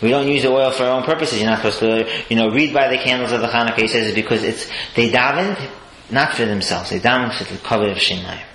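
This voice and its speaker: A man giving a sermon-style Torah talk, telling stories lively swings between high exclaims and low murmurs. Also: fast talker. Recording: echoey room with faint noise.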